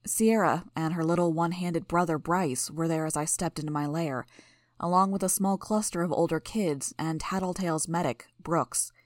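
A woman narrating a novel in the first person, in a steady, even storytelling manner. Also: low-pitched, normal speed, dry recording, clean studio sound. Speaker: audiobook narrator.

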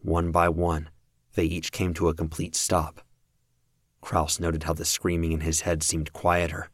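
Deep, slow-reading male narrator. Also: completely flat delivery, dry recording, studio quality. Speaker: audiobook narrator. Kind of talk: fan audiobook narration.

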